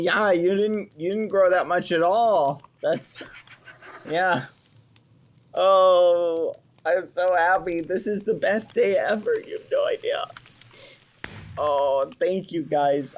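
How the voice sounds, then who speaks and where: A young man streaming an in-character roleplay on a game server, gasping and exclaiming with joy on a close mic. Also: on the high side.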